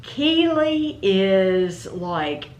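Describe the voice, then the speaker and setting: A woman's voice: mid-range voice, very animated, drawn-out words, a little mellow, roomy sound, lo-fi sound. A woman, chatting animatedly as co-host about shows she watched. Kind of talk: casual chat.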